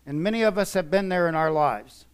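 A man preaching a sermon in a church, emphatic, swinging from soft to loud. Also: high-pitched, brisk, clear, resonant tone. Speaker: pastor.

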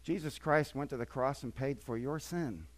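An older man preaching a sermon as pastor, swinging between quiet asides and emphatic, repetitive points. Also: mid-range voice, moderate pace.

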